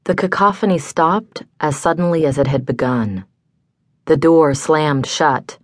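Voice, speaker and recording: A woman narrating a hardboiled mystery audiobook in a measured, deliberate first-person telling. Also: deep voice, no room sound. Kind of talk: scripted narration. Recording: dry studio.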